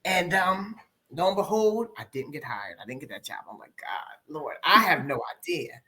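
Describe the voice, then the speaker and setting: Brief: middle-aged woman, deep-pitched, candid and reflective, podcast guest recounting hard times. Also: lively intonation, normal speed, pushed and bright. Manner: candid, reflective, with many ums and repeated phrases. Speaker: guest life coach. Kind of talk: podcast interview storytelling.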